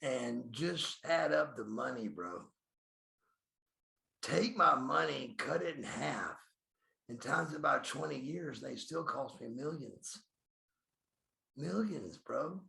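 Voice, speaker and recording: A man's voice: medium pitch, lively intonation, slow, vocal fry, pauses often, pushed and bright. A man in his fifties, a former pro wrestler, telling blunt, profane stories in an interview and calling himself by his own name. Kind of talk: storytelling in a podcast interview. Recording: echoey room.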